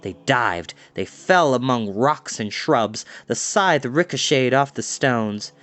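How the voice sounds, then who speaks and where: A man reading a book aloud as a storyteller, in a dramatic, expressive way. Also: mid-range voice, slow pace.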